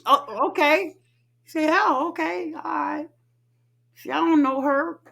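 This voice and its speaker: A woman co-hosts a casual podcast chat. Her voice sits fairly high, and she tells stories in an animated way, swearing and laughing often. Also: takes it slowly, gravelly. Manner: animated, laughing, profane storytelling. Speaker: podcast co-host.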